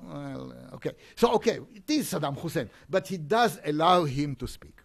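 Man presenting at an academic conference, voice a touch high, stop-start delivery full of restarts. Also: lively intonation, vocal fry. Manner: halting, with frequent hesitations and restarts. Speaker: conference speaker.

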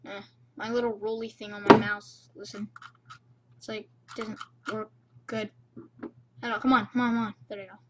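A young woman casually commenting on her own gameplay, rambling and playful, recorded on a cheap low-quality mic. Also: flat delivery, normal speed, pauses often, very noisy. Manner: rambling, playful, self-chatting. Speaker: gamer.

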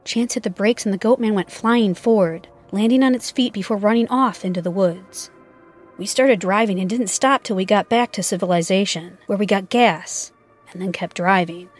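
A woman narrating a first-person scary camping story in a measured storytelling voice. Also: mid-range voice, soft background music. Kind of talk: scripted narration.

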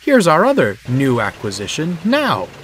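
A man voicing a proud, excitable male steam engine. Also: fairly high pitch, normal speed, pitched above the performer's own voice.

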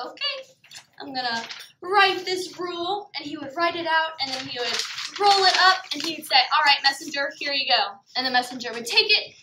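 Animated high-voiced preschool teacher. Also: female voice, roomy sound, a little hiss or hum. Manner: animated and sing-song, gasps and exclaims to young children. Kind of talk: children's Bible lesson.

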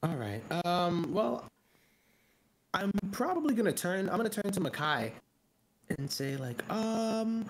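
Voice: medium pitch, sing-song, unhurried, pauses often, a little hiss or hum. A tabletop game player speaking casually and playfully, with many fillers.

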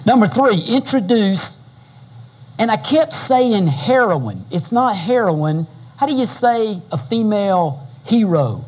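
A man preaching a sermon as pastor, telling the story in a folksy, animated way and bantering with the congregation. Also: very high-pitched, breathy edge, dull audio.

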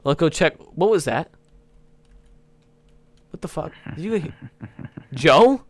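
A young man hosting a modded game, chatting excitably to viewers and slipping into playful villain role-play. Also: fairly high pitch, slow, long pauses, no echo. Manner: excitable, keeps addressing viewers as guys. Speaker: gaming channel host.

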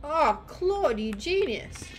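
A woman's voice: high voice, very animated, slow, faint music behind. A woman streaming gameplay, ranting and swearing at the game as she plays. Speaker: gamer streamer. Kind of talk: gameplay commentary.

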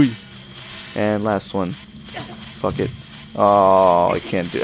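Young adult man, lowish voice, casual gameplay commentary, cussing and yelping, game music behind. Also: normal speed, creaky, long pauses. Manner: profane, excitable running commentary with sudden exclamations. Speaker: let's play gamer.

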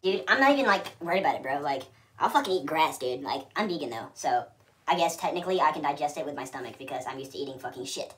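A man's voice: a little high, animated, fast, fairly bright tone, voice pushed down. A man voicing a self-righteous, deer-loving activist in a mocking, swearing comedy skit.

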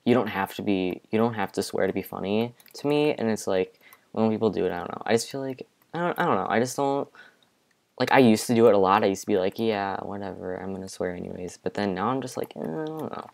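A young man giving casual let's-play commentary from his bedroom, excitable, with panicky outbursts and repeated exclamations. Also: fairly low pitch, fast. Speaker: gaming video creator. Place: home bedroom.

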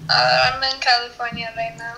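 A woman's voice: fairly high pitch, level tone, moderate pace, gravelly, crowd noise, low-quality recording. A woman from Germany, chatting in a curious, questioning and amused way. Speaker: video chat stranger. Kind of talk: casual chat.

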